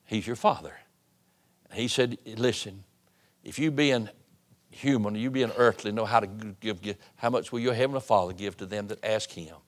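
A man preaching a sermon, swinging between loud appeals and hushed tones. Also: on the low side, normal speed. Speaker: pastor. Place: church sanctuary.

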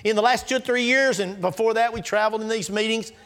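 A man, preaching a sermon. He swings between loud rising exclamations and low hushed asides and acts out scripture dialogue in a folksy way. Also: quick pace.

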